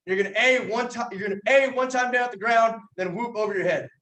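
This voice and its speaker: Joking young man, high voice, echoey. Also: fast, a bit bright. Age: young adult. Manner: folksy, teasing delivery. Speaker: yell leader. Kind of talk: joking instructional talk. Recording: echoey room from far off.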